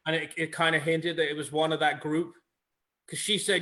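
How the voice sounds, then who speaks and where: A man co-hosting a podcast in casual chat, halting and repeating words as he retells scenes. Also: a little high, level tone, pushed and bright. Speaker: podcast co-host.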